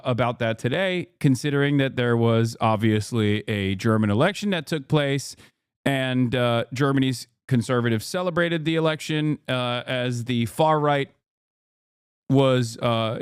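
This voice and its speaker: Smooth-voiced man hosting a stream. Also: mid-range voice, no room sound, clean studio sound. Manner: rambling, many fillers and restarts. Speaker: streamer host. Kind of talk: casual live-stream interview.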